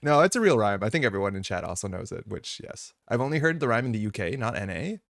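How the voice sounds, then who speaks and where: A man's voice: on the low side, sing-song, quick pace, vocal fry, no echo. Man from Canada, live-stream host, casual chatty talk, dry close sound. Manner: chatty, reads and answers chat.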